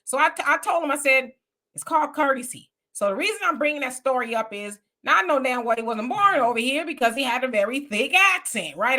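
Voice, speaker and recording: High, bright-voiced Southern woman telling a heated story. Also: a little fast. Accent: Southern US, Houston. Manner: animated storytelling, colloquial, heated. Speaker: host. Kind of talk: casual political commentary.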